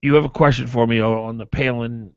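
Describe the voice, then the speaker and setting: A man's voice: mid-range voice, a little fast, clean tone, no room sound. Emphatic male talk radio host. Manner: emphatic, animated, argumentative. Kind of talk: opinionated talk radio commentary. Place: radio studio. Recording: dull, dry AM radio broadcast.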